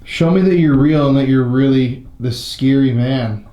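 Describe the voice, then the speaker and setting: A man's voice: mid-range voice, normal speed, mellow, reverberant. A man investigating the paranormal, confronting and taunting a ghost, swearing now and then. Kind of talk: provoking a ghost during an investigation. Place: inside an old historic building at night.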